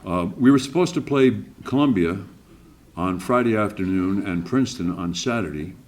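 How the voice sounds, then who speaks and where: A man's voice: on the low side, normal speed, darkish tone. An older man hosting an awards breakfast, telling a jovial anecdote and acting out the voices in it. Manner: jovial anecdotal storyteller, acts out quotes. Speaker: awards emcee. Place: banquet room.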